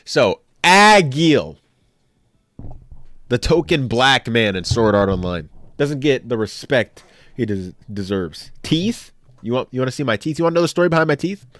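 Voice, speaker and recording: A young man talks casually on a live stream and keeps joking back at his chat. His pitch swings widely from low mutters to sudden high bursts. The sound is dry and close to the mic, with no room echo. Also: animated, normal speed, a bit bright.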